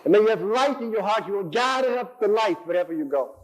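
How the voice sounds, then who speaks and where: A man's voice: high voice, animated, quick pace, poor audio. A man in his sixties giving an impassioned sermon in a church, building on repeated phrases and acting out inner voices. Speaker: preacher.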